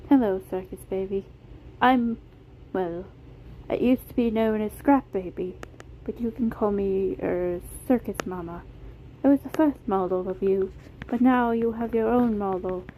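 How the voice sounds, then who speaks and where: Motherly female animatronic, light British accent, soft and tender, mellow tone, read out by a woman. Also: mid-range voice, measured pace, a little hiss or hum, natural voice, poor audio. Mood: gentle. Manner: soft, tender, whispery at times.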